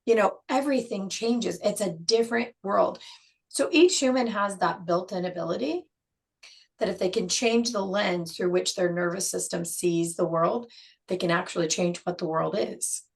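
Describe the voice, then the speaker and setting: A woman guest on an interview show, explaining her program in a measured way and slowing down to stress key words. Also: fairly low pitch, gravelly.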